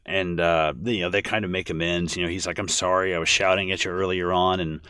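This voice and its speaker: A man with a very low voice co-hosts a casual film podcast. He rambles, restarts his sentences and fills gaps with ums as he talks through scenes. The recording is dry and close. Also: flat delivery, brisk, bright, forceful tone, clear, resonant tone, no room sound. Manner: rambling with many restarts and fillers. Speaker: podcast co-host. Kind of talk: casual film commentary chat.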